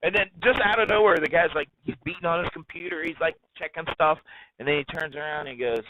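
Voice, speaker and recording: An excitable man recounting a story as an interview guest, his voice slightly high for a man. He gets animated as he talks, and the line is dull with faint hiss underneath. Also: quick pace. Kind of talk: casual storytelling.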